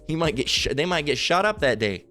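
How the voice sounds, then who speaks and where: A man's voice: a little high, big pitch swings, normal speed, sharp tone. Male online Bible teacher; casual, profane, heated street-style delivery; faint background music. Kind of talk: informal scripture commentary.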